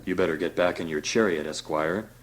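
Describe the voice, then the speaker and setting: A man voicing a sneering, childish male reverend in a low, mock-formal voice, reading a storybook aloud. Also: a little fast, natural voice.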